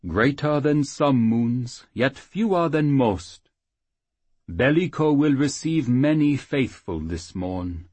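A man voicing a small, solemn male halfling high priest who speaks formally and slowly. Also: a little mellow, slightly rough, no echo. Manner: formal, grave, slow.

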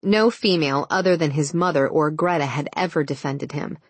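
A woman narrating a romance audiobook in a steady, measured reading. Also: low voice, breathy edge, no room sound. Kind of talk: scripted narration.

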